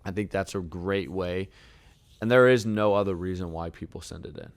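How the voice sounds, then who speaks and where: A man with a very low, smooth, clear voice coaches in a relaxed, encouraging way. He lays out his advice point by point, recorded close up in a dry room with no echo. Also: moderate pace. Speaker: sales trainer and host. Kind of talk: casual coaching talk.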